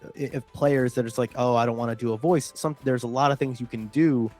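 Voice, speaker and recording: A man's voice: medium pitch, fairly even intonation, brisk, a little mellow, soft background music. A man co-hosting a casual gaming chat, explaining things at length with many filler sounds. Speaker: podcast co-host.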